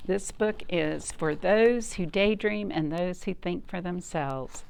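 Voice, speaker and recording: A woman librarian leading children's storytime, reading slowly and gently in a lowish voice. She pauses often to ask the children questions. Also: vocal fry, a little hiss or hum.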